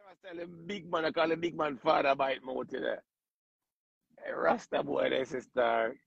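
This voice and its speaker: A man with a Jamaican accent, bantering loudly and joking on a casual livestream, often breaking into laughter. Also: fairly high pitch, little pitch movement, normal speed, vocal fry, husky, dry recording, lo-fi sound. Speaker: livestream host.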